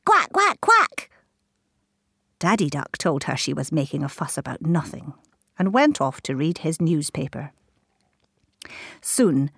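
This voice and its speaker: A woman reading a children's story aloud, animated and dropping into whispers at times. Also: low-pitched, creaky, no room sound, clean studio sound.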